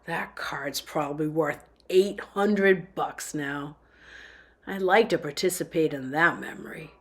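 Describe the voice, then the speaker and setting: Woman doing a happy-go-lucky young guy turned wistful, lowered voice, slow storybook reading. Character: easygoing young man, nostalgic and regretful.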